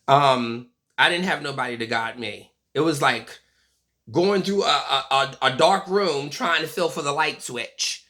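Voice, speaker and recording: A person in their forties vlogging a casual, blunt and profane monologue, telling stories in an animated way. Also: mid-range voice, measured pace. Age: 40s.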